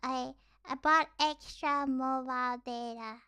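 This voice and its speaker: A woman's voice: high-pitched, steady tone, slow pace, bright, forceful tone, clean tone. A young woman streaming casually, rambling and giggly, with lots of fillers. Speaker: virtual streamer. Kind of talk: casual livestream chat.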